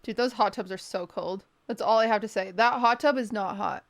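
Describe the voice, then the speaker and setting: A woman's voice: medium pitch, brisk, vocal fry, slight background noise. A young woman streamer giving casual, rambling commentary while reacting to a video with her chat. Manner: chatty, rambling with restarts and asides to chat.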